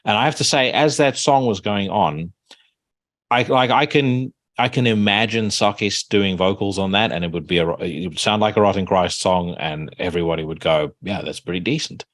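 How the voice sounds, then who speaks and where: Podcast host, male, low voice, dry close sound, casual and animated. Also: normal speed, no echo. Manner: animated, swearing, laughing, many restarts. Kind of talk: casual music review chat.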